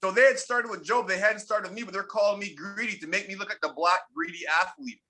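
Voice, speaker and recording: A man in his forties with a high, very bright and forceful voice, telling stories with emphasis in an interview. He repeats key points to drive them home. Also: fast talker. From Canada. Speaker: interview guest, former pro hockey player. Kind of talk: candid interview storytelling.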